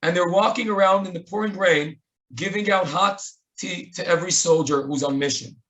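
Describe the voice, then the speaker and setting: A man's voice: high voice, moderate pace, fairly bright tone, highs cut off. A man with an Israeli accent, speaking at a remembrance webinar and telling stories earnestly with quoted dialogue. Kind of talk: storytelling tribute. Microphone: webinar microphone.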